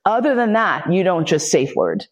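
A podcast host recounts a personal story with blunt, profane candor, stumbling through fillers and restarts. They act out other people's lines as they go, in a mid-pitched voice that sits neither high nor low. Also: very animated, moderate pace. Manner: blunt, profane, with frequent fillers and self-interruptions; vivid re-enactment of other people's speech. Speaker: podcast host giving a lecture.

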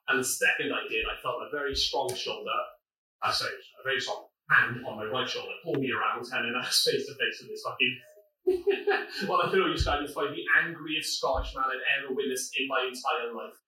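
A man rattling off a pub story at speed, animated and profane, with a bright, forceful edge to his voice. He sits a little off the mic, and his voice rings around an echoey pub room. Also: mid-range voice, recorded from a distance. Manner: fast, animated and profane, with frequent laughter. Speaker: podcast guest. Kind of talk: casual storytelling.

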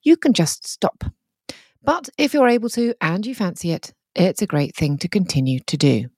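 A woman's voice: lowish voice, sing-song, moderate pace, darkish tone, slightly rough, no room sound, clean studio sound. A woman co-hosting a podcast, chatting casually and telling stories with frequent laughter. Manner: giggly, chatty storyteller. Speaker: podcast host. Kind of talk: casual chat.

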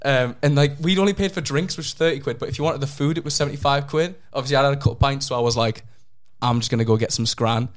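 A young man, telling a rambling story on a casual podcast, his voice jumping up in pitch when he gets excited. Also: fast talker, hardly any pauses. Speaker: podcast co-host. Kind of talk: casual chat.

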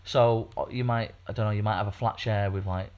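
Rambling man, low voice. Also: steady tone, a little fast, a little mellow, highs cut off. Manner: rambling, chatty, many fillers and restarts. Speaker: podcast co-host. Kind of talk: casual podcast chat.

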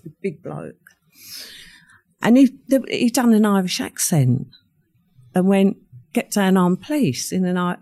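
A woman's voice: lowish voice, darkish tone. An older woman, recounting a true crime story as an interview guest and acting out the quoted voices.

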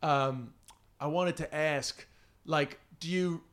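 A man hosting a casual interview with a fellow comedian. He speaks easily and agreeably, often dropping in quick affirmations while the guest talks. His voice is slightly higher than most men's. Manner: relaxed, agreeable, many short affirmations.

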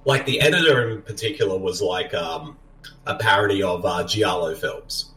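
Laughing low-voiced man in a roomy room. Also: normal speed, fairly bright tone. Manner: chatty, laughs often, trails off with um and uh. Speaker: podcast host. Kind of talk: casual movie commentary. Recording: roomy, distant mic with faint music.

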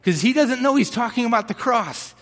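A man preaching a sermon as a pastor, telling stories in an animated way and acting out the voices of the people in them. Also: very high voice, brisk, big-room sound. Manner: animated storytelling, acts out voices.

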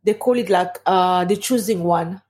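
A middle-aged woman recounts a loss in her own words, her grieving voice soft and mellow. She speaks haltingly, her English marked by non-native grammar and stops to find words. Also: fairly low pitch. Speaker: bereaved mother. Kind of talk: personal testimony.

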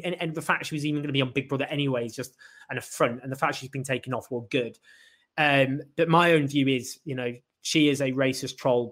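A British man hosting a live political show alone, speaking passionately with frequent restarts and fillers. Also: mid-range voice. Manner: impassioned, halting with restarts. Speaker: show host. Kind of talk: solo live political commentary.

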